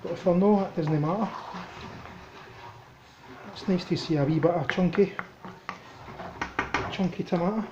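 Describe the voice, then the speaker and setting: Scottish guy chatting while he cooks, relaxed, echoey kitchen with lots of noise. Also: sits high, a little slow, pauses often, dull audio. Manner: chatty, relaxed, thinks aloud while cooking. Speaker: cooking vlogger. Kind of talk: casual cooking commentary. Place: home kitchen.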